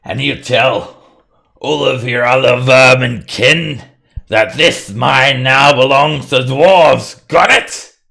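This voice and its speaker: A man voicing a brave, one-armed male dwarf miner who blusters gruffly. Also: deep voice, extremely slow, pauses often, a bit bright, heavily acted. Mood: bellowing.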